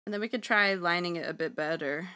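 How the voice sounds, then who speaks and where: A woman's voice: fairly low pitch, fast, pushed and bright, smooth. A young woman streaming from home, chatting casually and rambling with playful slang while she draws. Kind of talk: casual livestream chat while drawing.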